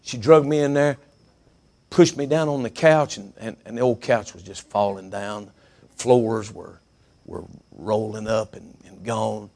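A middle-aged preacher man delivers a sermon in a gravelly, crackling voice. He tells folksy stories and doubles his words for emphasis. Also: fairly low pitch, measured pace, darkish tone.

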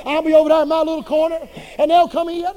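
A man preaching a sermon in a folksy, humorous and colloquial way, swinging between quiet asides and loud bursts. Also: very high voice, level tone, fast, rough recording.

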